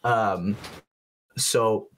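A young man co-hosting a podcast, telling a story in a loose, animated way, swearing freely and acting out the people in it. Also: on the low side, extremely slow, slight background noise. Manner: animated, swearing storyteller who acts out voices. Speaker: podcast co-host. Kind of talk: casual storytelling chat.

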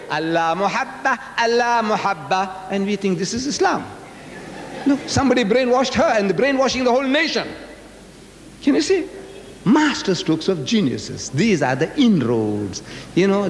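Older man lecturing in an echoey hall. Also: normal speed. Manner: animated storytelling, acts out dialogue. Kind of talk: public religious lecture. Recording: echoey hall, faint rumble.

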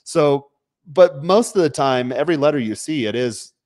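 A man's voice: a little high, expressive, normal speed, darkish tone, no room sound, clean studio sound. A man hosting a casual livestream chat, talking bluntly and with emphasis, sometimes swearing to make a point. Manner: blunt, emphatic, drops the odd swear word. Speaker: podcast host. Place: home.

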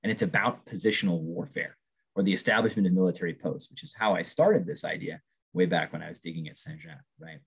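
A man's voice: low voice, animated, quick pace, vocal fry, husky. A man lecturing on archaeology to a public audience, enthusiastic, often checking in with "right?". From Vermont's Northeast Kingdom. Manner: enthusiastic, frequent tag "right?".

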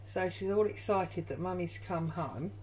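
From her home craft room, a woman who hosts a junk journal channel runs a crafting tutorial, chatting and thinking aloud as she works. She has a fairly low, darkish voice and a measured pace, and the low-quality recording has slight background noise.

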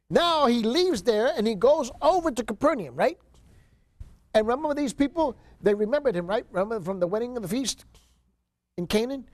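A man's voice: extremely high pitch, expressive, moderate pace, dry recording. A man giving a seminary Bible lecture, reading scripture aloud and stressing key words with repeated rhetorical questions to the class.

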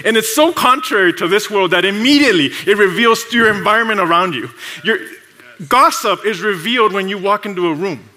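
Bright high-ish guy preaching, chatty and lively, laughs a lot, does little voices for coworkers. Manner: animated and conversational, laughs often; acts out coworkers' voices in quick asides. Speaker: pastor. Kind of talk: sermon.

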